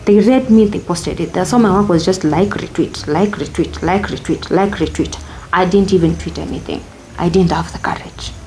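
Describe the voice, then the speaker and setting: A young Kenyan-accented woman, a guest in an interview, tells her own story candidly and reflectively, mixing Swahili phrases into her English. Her voice is lowish with a darkish tone at a moderate pace, with a little hiss or hum.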